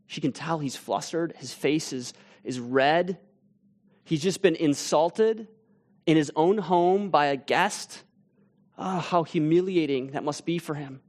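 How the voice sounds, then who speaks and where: A man on a church teaching team, telling a vivid story in a casual sermon with restarts and asides, sinking to a hush at tense moments. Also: a little high, unhurried.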